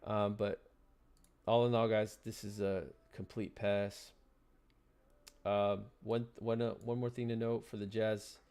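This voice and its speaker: A man's voice: fairly low pitch, flat delivery, measured pace, darkish tone, clean tone. A man hosting a casual sports betting livestream, stammering and repeating words as he talks picks and reads the chat.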